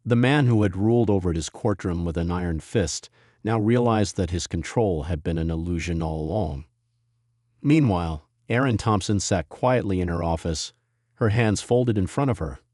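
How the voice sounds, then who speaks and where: A man narrating a scripted dramatic story in a steady storytelling manner. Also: low-pitched, moderate pace, no room sound, clean studio sound.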